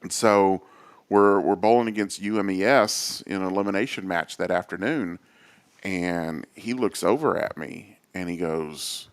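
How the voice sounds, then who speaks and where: A man, a guest on a talk show, telling lively stories with many quoted voices and fillers. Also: low-pitched, unhurried. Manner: animated storyteller, acts out quoted voices. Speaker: associate athletic director, guest. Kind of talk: casual storytelling interview.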